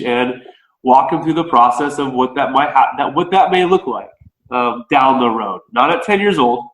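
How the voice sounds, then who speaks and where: An American man, a baseball coach, speaks as a podcast guest in a mid-pitched voice. His speech echoes in a roomy space. He talks in a relaxed, conversational way, thinking his ideas through out loud. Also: normal speed. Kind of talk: podcast interview.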